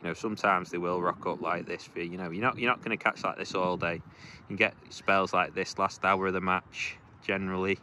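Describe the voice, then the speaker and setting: A man's voice: low voice, fairly even intonation, brisk, bright, forceful tone. A man filming and commentating a fishing challenge outdoors by a lake, chatty and encouraging, shivering in the cold. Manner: chatty, encouraging, gives timings. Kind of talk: casual commentary and chat. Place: outdoors at a lakeside, kneeling in mud. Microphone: handheld camera mic. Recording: outdoor background noise.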